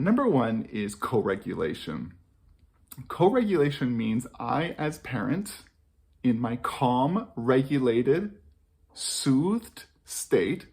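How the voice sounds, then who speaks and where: A man's voice: medium pitch, gravelly. A man talking earnestly to camera about parenting, repeating key phrases for emphasis. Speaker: parenting educator. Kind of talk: reflective talk to camera.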